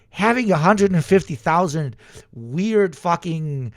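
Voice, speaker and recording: A man's voice: on the high side, expressive, takes it slowly, dry recording, clean studio sound. A man streaming, ranting in a profane, sarcastic way and slipping into mock voices. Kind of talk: casual livestream commentary.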